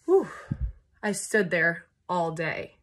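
A woman's voice: mid-range voice, animated, slow pace, slightly rough. A woman reading a children's picture book aloud at storytime, adding playful sound effects and chatting to young listeners between pages.

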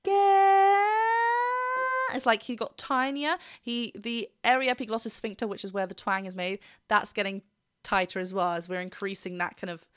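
A woman's voice: mid-range voice, fairly even intonation, fairly quick, fairly bright tone, clear, resonant tone, no room sound, studio quality. A woman vocal coach giving enthusiastic, technical reaction commentary, gushing over what she hears and humming along. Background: the song she is reacting to plays behind her.

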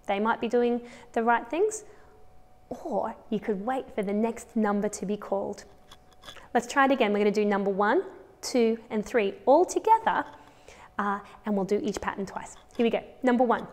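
A woman's voice: medium pitch, animated, normal speed, long reverb tail. A woman with an Australian accent teaching a children's music lesson, counting patterns aloud and encouraging the class.

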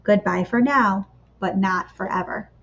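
A calm, kind Jesus from a children's storybook, as a woman reads him aloud. The voice is gentle and steady and sits at a middle pitch. The recording is slightly dull and lo-fi. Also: unhurried, gravelly.

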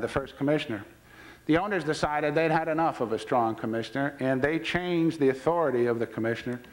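A man's voice: mid-range voice, low-quality recording. Storytelling man with dry wit. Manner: storytelling with dry wit, retelling quoted dialogue. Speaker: baseball commissioner giving a public talk. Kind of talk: humorous anecdotal speech.

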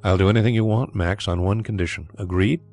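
A man voicing a brisk, blustery, skeptical gentleman investigator in an audiobook. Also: on the low side, steady tone, soft background music, lightly acted. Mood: insistent.

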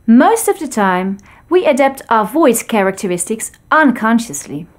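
A woman voice trainer narrating an online speech course in a clear, demonstrative instructor manner, over light background music. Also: on the high side, big pitch swings, normal speed.

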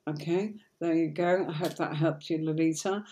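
A woman hosts a casual live tarot stream while nursing a cold. Her voice sits on the lower side, and she reads viewers' comments aloud and pours out thanks. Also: steady tone, moderate pace, dark tone. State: has a cold, blowing her nose. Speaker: tarot reader host.

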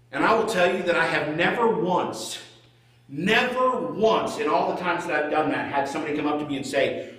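A middle-aged male pastor preaching a sermon as a conversational story, swinging between loud and hushed. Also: fairly high pitch. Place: church sanctuary. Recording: echoey church room, voice from far off.

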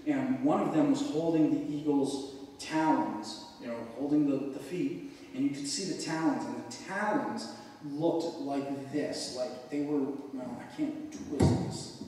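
A man's voice: mid-range voice, a little slow, distant mic, background noise. Man preaching in an echoey church hall. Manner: reads scripture aloud, then explains it in loose conversational asides. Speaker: pastor. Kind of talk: sermon. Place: church sanctuary.

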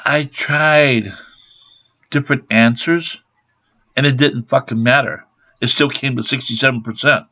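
A man in his fifties rants to his camera at home, swearing constantly and sounding blunt and aggrieved. His voice is gravelly and bright, with a tense edge. The sound is dull, lo-fi webcam audio. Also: medium pitch, unhurried, long pauses. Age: 50s. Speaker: vlogger. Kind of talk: angry rant to camera.

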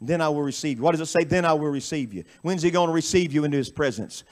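A man preaching a camp meeting sermon, swinging from quick, low asides up into chanted, shouted peaks. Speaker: pastor. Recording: radio broadcast of live sermon.

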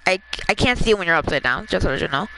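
A gamer chatting casually during a match, excitable and quick to laugh, giving a teammate quick instructions. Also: mid-range voice, noisy background. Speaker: gamer playing with a friend. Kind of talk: casual gameplay chat.

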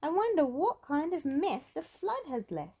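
A woman voicing a kindly old grandmother pig in a gentle sing-song voice. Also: high-pitched, sing-song, a little slow, voice pushed up, full character voice.

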